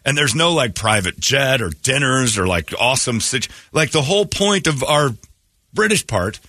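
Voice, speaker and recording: A man hosting a morning radio show, ranting with lively swings in pitch and a slightly husky, bright tone. He talks in a mocking, animated way and often breaks into laughs. His voice is dry and close to the mic. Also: moderate pace, no echo. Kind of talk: casual on-air banter.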